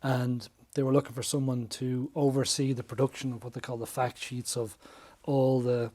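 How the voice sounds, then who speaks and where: A man with a mellow, medium-pitched voice tells stories at a normal speed in a casual interview chat. He's a business coach appearing as a podcast guest, and he's an animated storyteller who acts out quoted dialogue.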